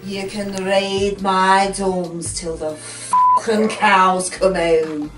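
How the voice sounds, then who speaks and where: A woman's voice: mid-range voice, steady tone, very slow, distant mic. A woman voicing a crude, brash female parody character who mocks and swears. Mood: lewd. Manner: crude, mocking, drawling. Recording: echoey with loud music behind.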